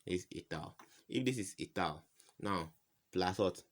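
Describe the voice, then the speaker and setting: Deep-voiced guy tutoring chem, keeps going "what?" then repeats the answer. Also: a little slow. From West Africa. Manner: asks rhetorical "what?" questions and repeats answers. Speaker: chemistry tutor. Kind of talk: informal whiteboard lesson.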